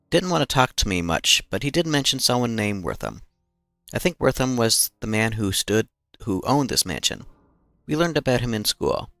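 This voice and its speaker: A man's voice: on the low side, creaky, bright, forceful tone, no room sound, clean studio sound, heavily acted. A man voicing a curious little girl, reading her diary in a raised, lighter voice.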